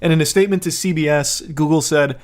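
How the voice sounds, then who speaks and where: Young guy ranting casually on his channel, kinda high voice, sarcastic and swears a lot. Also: steady tone, fast. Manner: sarcastic, profane, jokey asides. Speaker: commentary video host. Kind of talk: casual commentary.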